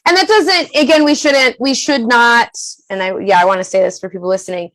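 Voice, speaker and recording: A woman guest on a podcast, talking candidly in an animated, profane, emphatic way and laughing often. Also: on the high side, a little fast, rough recording.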